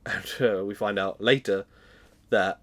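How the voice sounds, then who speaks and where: A British podcast co-host in his twenties chats through a TV episode recap, telling stories and laughing frequently. His fairly low voice is a bit bright, steady in tone and measured in pace.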